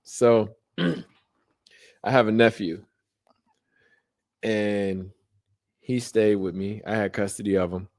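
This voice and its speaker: A man's voice: fairly low pitch, steady tone, darkish tone. A man co-hosting a casual podcast, telling stories with lots of laughter and restarts. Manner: laughing, halting storyteller with many restarts. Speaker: podcast co-host.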